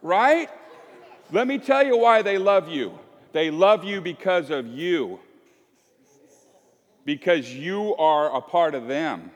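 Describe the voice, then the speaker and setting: Joking pastor in an echoey church. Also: male voice, fairly high pitch, lively intonation, slow, pauses often. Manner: chatty and joking, acts out little scenes. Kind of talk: conversational sermon. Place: church sanctuary.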